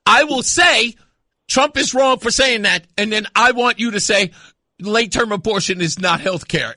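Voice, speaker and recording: A man's voice: high voice, moderate pace, pushed and bright, dry recording. A man hosting a call-in radio talk show, arguing insistently with a caller and repeating his points. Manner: insistent, argumentative, repeats himself. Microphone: studio mic.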